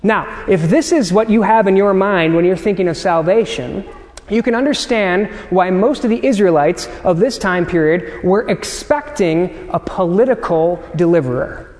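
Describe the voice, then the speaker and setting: High-voiced pastor preaching in a hall. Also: male voice, normal speed, darkish tone. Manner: conversational, repeats words, asks "right?" often. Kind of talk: sermon.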